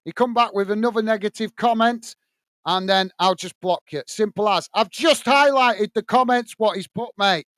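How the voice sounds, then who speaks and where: A man's voice: high-pitched, normal speed, a bit bright, dry recording. A man from England hosting a live football watch-along, scolding a commenter bluntly and then describing the play to viewers. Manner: blunt, irritated ranting at a commenter.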